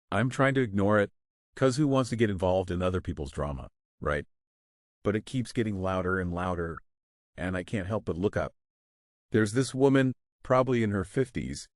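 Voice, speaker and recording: Low-voiced man reading a story. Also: no echo, clean studio sound. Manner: casual, sarcastic storytelling. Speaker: story narrator. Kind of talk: scripted first-person story narration.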